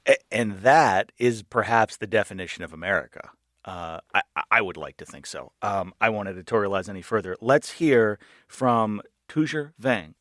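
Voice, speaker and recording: Low-voiced male radio host. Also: lively intonation, normal speed, fairly bright tone, no room sound, clean studio sound. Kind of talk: radio talk show hosting.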